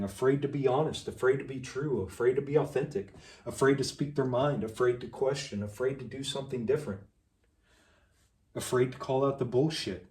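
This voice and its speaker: A man in the middle of a passionate, preachy rant, hammering on rhetorical questions and long lists of repeated phrases. His voice sits at an ordinary pitch and sounds set back from the microphone. It bounces around a reverberant room. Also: a little mellow. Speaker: vlogger. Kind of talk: impassioned monologue to camera. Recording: echoey room, mic at a distance.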